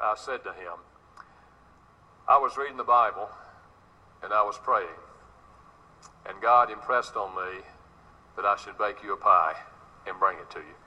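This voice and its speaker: A man's voice: lowish voice, pushed and bright, low-quality recording. A middle-aged man preaching a sermon. He tells a personal story and speaks directly to the congregation. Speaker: pastor.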